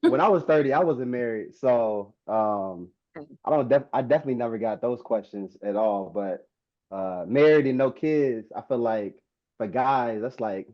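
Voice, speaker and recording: A man's voice: mid-range voice, moderate pace, no echo. A man joining a podcast as a guest over a call, laid-back and joking. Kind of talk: casual podcast chat. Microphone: remote call. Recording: dull lo-fi call audio.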